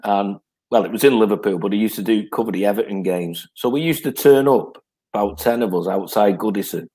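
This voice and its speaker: A man's voice: on the low side, brisk, mellow. A man, a guest who tells rambling anecdotes in casual chat and laughs as he tells them. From North West England.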